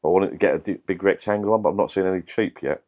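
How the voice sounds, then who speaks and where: A middle-aged man with a deep voice, chatting casually and rambling to camera in his home vlog. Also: fast, a little mellow, muffled recording. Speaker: vlogger.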